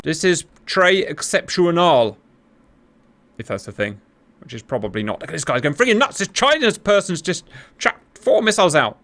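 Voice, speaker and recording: A man hosting and commentating a simulated air battle, talking straight to viewers, joking and cheering loudly as it unfolds. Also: on the high side, normal speed, slight background noise. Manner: animated, jokey, talks to viewers, cheers loudly. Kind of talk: excited gaming commentary.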